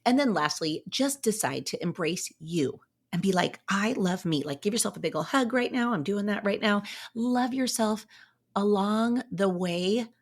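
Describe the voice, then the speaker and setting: A woman hosting a podcast, talking casually and encouragingly, upbeat and chatty with playful asides. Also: mid-range voice. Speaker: podcast host. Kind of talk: casual motivational talk.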